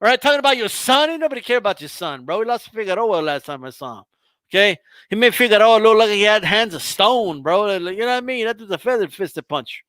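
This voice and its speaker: Teasing male co-host, bright voice. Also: high-pitched, lively intonation, quick pace, no room sound. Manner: teasing, says "bro" constantly. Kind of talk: casual comedic banter.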